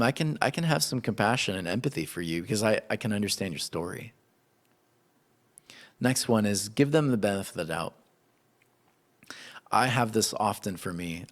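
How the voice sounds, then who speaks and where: A man preaching a sermon in an animated, conversational way. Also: medium pitch. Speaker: pastor.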